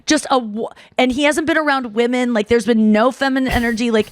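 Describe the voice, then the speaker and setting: A woman in her thirties hosting a podcast, telling a long story in a casual, animated way, full of fillers and acted-out quotes. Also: fairly high pitch, fairly quick, no echo, clean studio sound. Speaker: podcast host.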